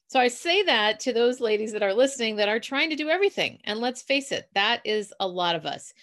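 A woman's voice: mid-range voice, brisk, hardly any pauses, fairly bright tone. A woman with a Minnesotan accent, hosting a chatty motivational talk for listeners and laughing at herself now and then. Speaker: podcast host.

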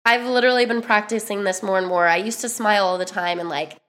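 A young woman talking casually into the camera, giving chatty, animated dating advice with lots of fillers. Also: mid-range voice, fast.

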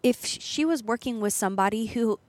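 Woman podcast cohost, lively storytelling, dry close mic. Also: on the high side, fairly quick, no echo. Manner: animated storytelling, acting out quoted voices. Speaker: podcast co-host. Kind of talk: casual chat.

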